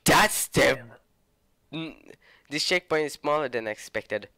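A man's voice: a little high, expressive, slow pace, pushed and bright, dry recording, studio quality. A young man with a sore throat, rambling through a joking let's play commentary. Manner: rambling, joking asides, self-interrupting. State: sore throat, a bit sick. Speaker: gaming channel host. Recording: game music playing behind.

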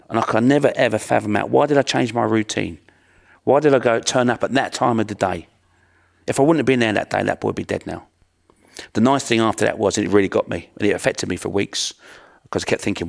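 A man's voice: lowish voice, fast, gravelly. A middle-aged man, a martial arts instructor giving an earnest, plain-spoken storytelling talk. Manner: earnest, plain-spoken, with repeated rhetorical questions.

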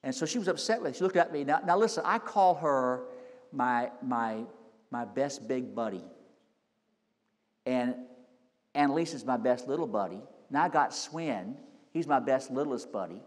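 A middle-aged man, a senior pastor, preaching a sermon with folksy stories that climb into loud, emphatic peaks. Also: medium pitch, animated, moderate pace. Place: church sanctuary. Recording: long hall reverb.

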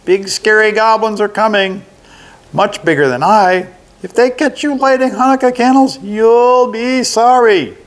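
An older man reading aloud puts on a tiny boastful goblin with a thin, squeaky voice that jumps far above his own. He pitches it high and loud for a storybook creature. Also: measured pace. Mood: fearful.

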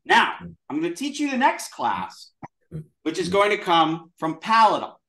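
Man, high voice, animated, classroom teacher, roomy echo. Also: unhurried, far from the mic. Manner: lively, demonstrative, drills sounds aloud. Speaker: Sanskrit teacher. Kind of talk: classroom lesson with call-and-response.

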